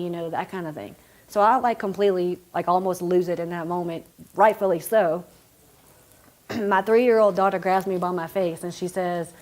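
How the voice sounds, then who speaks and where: A woman's voice: lowish voice, steady tone, fairly quick, a little mellow. A woman, telling a personal story of loss in a conversational, emotional way with many fillers. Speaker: police officer's widow.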